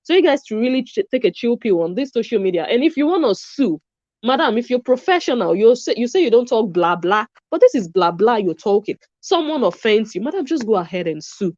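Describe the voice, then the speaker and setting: A woman's voice: a little high, very animated, fairly quick, a little mellow, no echo, muffled recording. Sarcastic woman commentator, dry sound. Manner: sarcastic, questioning. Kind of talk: commentary vlog.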